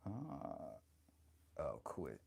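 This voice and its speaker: A man's voice: extremely low pitch, huge pitch swings, extremely slow, a little mellow, voice pushed up, full character voice. A man voicing a crude, flirty grandmother of great age who teases her viewers and calls them honey, chatting with his stream audience in character. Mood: bawdy. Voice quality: gravelly. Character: crude flirty ancient grandmother, bawdy and vain. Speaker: livestreamer. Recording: noisy background.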